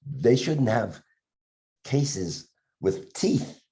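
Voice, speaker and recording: Guesting on a podcast, this older dentist from around Philadelphia spins anecdotes with great animation, performing each character's voice and often stopping to restart. He speaks in a dark, mid-range voice and has a cough from a respiratory illness.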